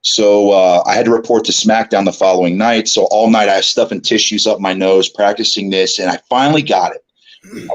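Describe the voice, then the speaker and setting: A middle-aged former wrestler, appearing as a guest on an interview show, tells a long anecdote in a fairly low voice at normal speed, laughing and acting out other people's lines with animation. The audio quality is poor.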